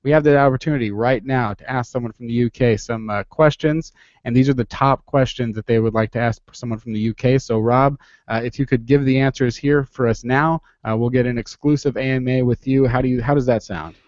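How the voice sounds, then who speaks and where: A man's voice: mid-range voice, fairly even intonation, fairly quick, darkish tone, no room sound, dull audio. A man hosting a podcast, chatting casually and teasing his guest. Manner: joking, teasing. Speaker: podcast host.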